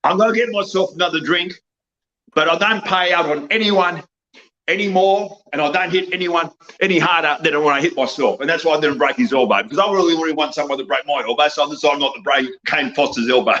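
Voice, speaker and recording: An Australian man ranting over a video call, loud, boastful and laughing, full of slang. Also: on the high side, a little fast, dull audio. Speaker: guest, wrestling promoter. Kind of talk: rambling unhinged rant.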